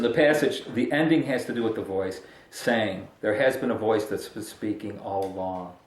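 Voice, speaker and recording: A man's voice: on the low side, a little mellow, reverberant. A man preaching a casual, conversational sermon as pastor, joking and breaking into emphatic bursts.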